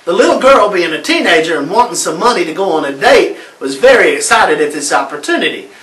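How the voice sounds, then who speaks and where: High bright guy telling a joke story, theatrical, laughs a lot, echoey far off mic. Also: expressive, brisk. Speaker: joke teller on laughter therapy recording. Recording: roomy sound from a distant mic.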